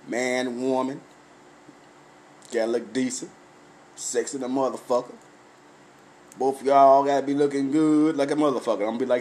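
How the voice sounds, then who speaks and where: In a raw, casual monologue on his own podcast, a middle-aged man drinks and tells profane stories, breaking into loud cackling laughs. His voice is medium-pitched and steady, with a moderate pace and long pauses. There is slight background noise.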